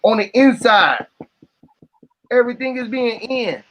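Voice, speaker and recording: A man's voice: extremely high pitch, lively intonation, measured pace, a bit bright, low-quality recording. A man talking casually to camera in a profane, musing, freewheeling way. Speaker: vlogger. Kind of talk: casual rambling talk to camera.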